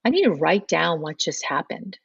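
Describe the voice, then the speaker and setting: A woman's voice: low-pitched, big pitch swings, moderate pace, gravelly, slightly rough, dry recording, muffled recording. A middle-aged woman, a podcast guest, telling her conversion story in earnest and acting out remembered dialogue. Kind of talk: personal storytelling interview.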